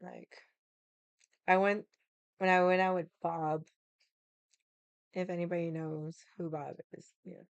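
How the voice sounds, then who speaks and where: A woman streams from her room and tells a long story to her chat. She swears freely and leans on fillers as she talks, in a smooth, clear voice. The sound is close and dry, with no room around it. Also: on the low side, level tone, slow pace, pauses often, no echo, muffled recording. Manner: chatty, swears a lot, many fillers. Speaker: livestream host. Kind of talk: casual storytelling to a live chat. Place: home room.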